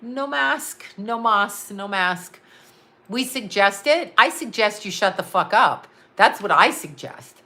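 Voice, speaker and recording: A bright-voiced woman talks loosely on a live stream from home. She rambles, laughs a lot and swears with blunt, unfiltered energy. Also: mid-range voice, expressive, slow pace. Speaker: psychic and astrologer answering live chat. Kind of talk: casual live-stream chat.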